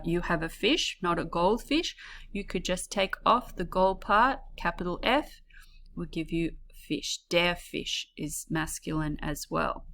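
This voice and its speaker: Slow, encouraging woman teaching German words. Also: fairly low pitch, fairly bright tone, a little hiss or hum. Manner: slow, drawn-out modelling of words for repetition; encouraging, addresses pupils as guys. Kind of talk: classroom language lesson.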